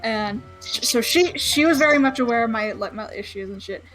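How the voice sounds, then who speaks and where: A woman's voice: on the high side, brisk, fairly bright tone, soft background music. Rambling, swearing young woman. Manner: rambling, swears freely, laughs often. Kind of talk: casual storytelling chat.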